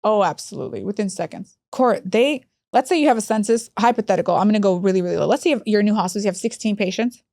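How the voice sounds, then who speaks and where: A woman in her thirties, a hospice executive, telling lively stories in a podcast interview and acting out other people's voices. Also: quick pace, few pauses, no echo, clean studio sound. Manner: animated, acts out quoted voices with big pitch jumps.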